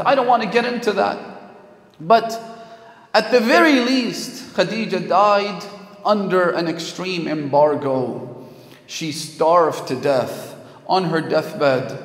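A man giving a religious lecture as a sermon, telling stories with passion and building to emphatic peaks. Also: a little high. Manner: impassioned storytelling, rising to emphatic peaks. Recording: echoey hall with long reverb.

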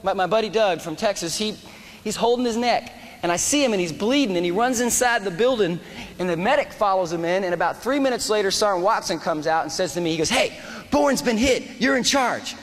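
A man in his forties, an army veteran telling a war story as a speech, animated and acting out the dialogue. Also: high-pitched, fast talker. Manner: animated, acts out dialogue and shouts quoted lines. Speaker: motivational speaker and army veteran. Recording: reverberant hall with faint noise.

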